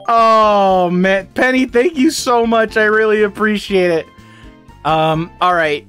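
A man streaming a game with a friend, reacting loudly with swearing and mock-mournful farewells. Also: high voice, slow, clean tone, soft background music. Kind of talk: casual game commentary with a friend.

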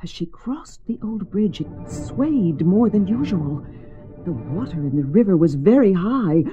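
Mellow woman reading a storybook. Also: fairly low pitch, measured pace. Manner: gentle, expressive reading. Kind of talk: storybook read-aloud. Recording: slightly muffled lo-fi with faint music.

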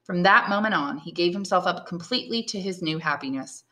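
An English teacher, a woman, narrating a classic novel aloud with clear, steady storytelling. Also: fairly low pitch, fairly quick.

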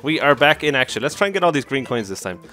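A man giving casual commentary over his own gameplay, excitable, often exclaiming and laughing at his mishaps. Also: medium pitch, fast talker, faint music behind. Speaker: let's play commentator.

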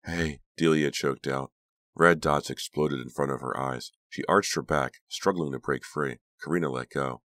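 A man narrating an audiobook in a steady, dramatic reading voice. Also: very deep voice, normal speed, no echo, studio quality. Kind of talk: scripted narration.

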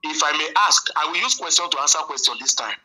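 A man's voice: fairly high pitch, quick pace, pushed and bright, husky, low-quality recording. A man calling in, angry and accusing, repeating himself as he argues. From Nigeria. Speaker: caller.

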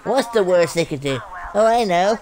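A woman giving brash, profane comedic commentary while playing a game, yelling insults at enemies. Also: mid-range voice, animated, normal speed. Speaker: gameplay commentator. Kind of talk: comedic let's-play commentary. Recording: game sounds loud behind the voice.

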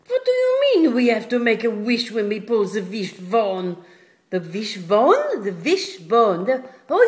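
A woman plays a fussy stuffed toy dog in a homemade comic puppet tale, prim and easily scandalized by bad manners. She chats along in a middle-pitched voice, scolding one moment and gossiping the next. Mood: giddy. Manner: prim, indignant, chatty storytelling.

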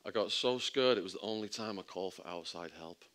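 A middle-aged Englishman with a fairly low voice tells a gripping story to an audience. He acts out the voices of the people in it, with sudden jumps in pitch and loudness. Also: a little fast. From England. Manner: vivid storytelling, acting out the quoted voices with big jumps in pitch and volume. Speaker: speaker at a public talk. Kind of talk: storytelling talk.

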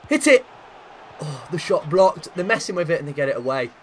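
A man giving lively, chatty commentary over a football video game, cheering and shouting at the big moments. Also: on the high side, fast talker. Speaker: gaming commentator.

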